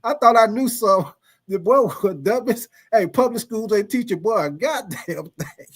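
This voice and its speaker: The voice is a husky, high-pitched one at a moderate pace, belonging to a man hosting a livestream. Animated and laughing frequently, he tells his chat a profane story casually and calls out viewers by name.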